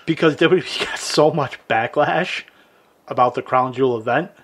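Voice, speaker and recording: A man's voice: medium pitch, normal speed. A man co-hosting a wrestling podcast in casual chat, running through news items with dry humor. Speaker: podcast co-host.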